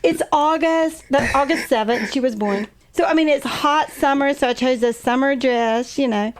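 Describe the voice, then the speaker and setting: A woman in her forties telling the story of a birth in a calm, measured, reflective way. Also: sits high. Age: 40s. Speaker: co-host telling her testimony. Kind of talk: casual storytelling.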